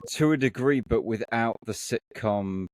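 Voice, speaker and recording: A man's voice: mid-range voice, a little slow, darkish tone. A British man co-hosting a podcast in casual chat, talking bluntly with frequent swearing and stop-start restarts. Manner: blunt, sweary, self-correcting. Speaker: podcast co-host.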